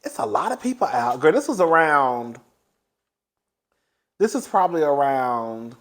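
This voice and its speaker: Speaking a little slowly, a young man shares a relaxed storytime with his audience. He's lively and talkative, addresses the listener as "girl" a lot, and jumps into high-pitched bursts of excitement.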